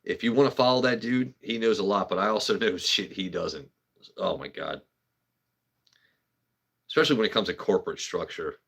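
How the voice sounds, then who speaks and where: A man with a notably low voice chats loosely on a livestream. He rambles from story to story, swears freely and answers viewers by name in a joking, offhand way. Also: moderate pace, gravelly, long pauses, a bit bright, slightly rough. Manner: profane, joking, talks to chat by name. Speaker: livestream host. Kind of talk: casual rambling livestream chat.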